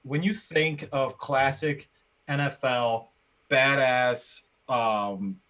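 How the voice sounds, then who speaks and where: An American man and podcast co-host in a casual sports debate, talking in an animated, argumentative way with many restarts. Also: mid-range voice, very slow.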